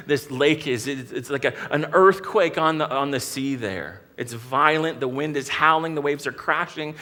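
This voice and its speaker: Male pastor, American accent, bright tense voice, earnest sermon with frequent restarts. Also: a little high. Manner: earnest, vivid storytelling with many restarts.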